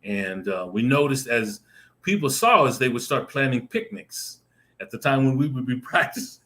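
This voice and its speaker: A man on a video call telling a lively personal story, acting out the voices in it and laughing often. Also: medium pitch, moderate pace. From Arizona. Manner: animated, acts out voices in his stories, laughs often. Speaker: guest storyteller. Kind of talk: casual anecdote telling.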